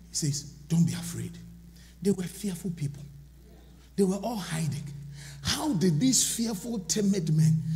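Animated preacher in a reverberant church. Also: male voice, high-pitched. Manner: animated preaching, swinging from loud shouts to hushed asides. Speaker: pastor. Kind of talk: sermon. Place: large church sanctuary.

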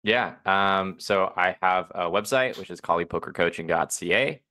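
A man with a low, gravelly voice breaks down poker hands as a guest coach. He talks in a relaxed, analytical way, slightly tired and casual. There is a rough fry under his words. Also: moderate pace.

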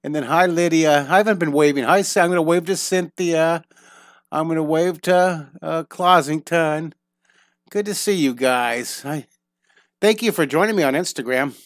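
A man's voice: on the high side, moderate pace, no echo, clean studio sound. A middle-aged man teaching a live online drawing lesson, upbeat and encouraging, thinking aloud with frequent restarts.

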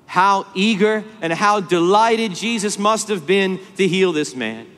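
A man preaching a sermon at a conference, swinging between hushed tenderness and loud, stirring emphasis. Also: sits high, animated, a little slow, few pauses. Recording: long hall reverb.

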